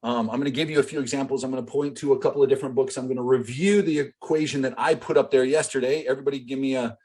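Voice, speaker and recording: Man, business coach, husky voice, mid pitch, casual rambling teaching on a video call. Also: fairly even intonation, rapid-fire, darkish tone. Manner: conversational, filler-heavy, addresses the group directly.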